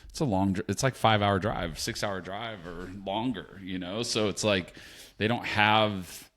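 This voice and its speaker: A man co-hosting a podcast, talking in a relaxed, rambling way with many "you know"s. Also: lowish voice, unhurried. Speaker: podcast co-host. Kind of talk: casual podcast chat.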